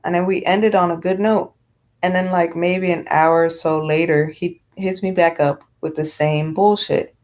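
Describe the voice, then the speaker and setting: A woman's voice: on the low side, fairly even intonation, normal speed, darkish tone. Blunt, profane woman venting on a vlog. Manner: blunt and profane, rambling with many fillers. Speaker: vlogger. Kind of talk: casual vlog rant.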